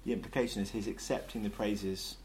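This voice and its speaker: A man leading an interactive Bible study, lively and jokey, asking the group questions. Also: on the low side, brisk, a little hiss or hum.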